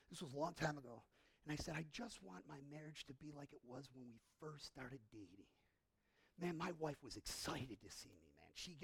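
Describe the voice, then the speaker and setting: A middle-aged male pastor preaching a sermon in a conversational way, asking the congregation questions and swinging from hushed to impassioned. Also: on the high side, creaky, slightly rough. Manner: conversational, asks the audience questions.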